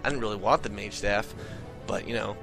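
A man telling a comic story in an excitable, profane, ranting way. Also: fairly low pitch, fairly quick, vocal fry, over music. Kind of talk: comedic monologue.

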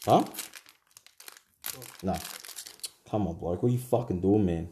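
A man's voice: low voice, measured pace, dark tone, slight background noise. A young Australian man hosting a card-opening video, swearing constantly and rattling off player names in casual commentary. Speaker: card-opening channel host.

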